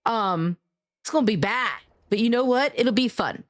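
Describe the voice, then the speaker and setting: A chatty woman streaming a game live, talking to her viewers in a slightly high voice. She is animated and swears freely, breaking into laughs as she thanks people and rambles between topics. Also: normal speed. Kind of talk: casual live-stream chat.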